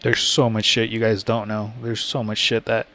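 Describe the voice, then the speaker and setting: Slow, blunt, profane man. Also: lowish voice, completely flat delivery, bright, forceful tone. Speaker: vlogger. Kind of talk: casual story time to camera.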